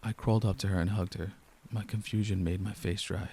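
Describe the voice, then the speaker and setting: A young man reading a first-person horror story aloud in a low-key, steady storyteller's way. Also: brisk, breathy edge. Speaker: narrator. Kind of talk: scripted horror narration.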